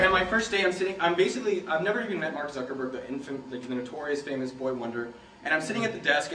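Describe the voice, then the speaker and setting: A man's voice: on the high side, fairly bright tone. A young man from San Jose telling loose, joking stories to a room of students, laughing often and swearing freely. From San Jose, California. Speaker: speaker giving a talk to students. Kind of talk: casual storytelling talk. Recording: roomy, from a distance, faint hiss.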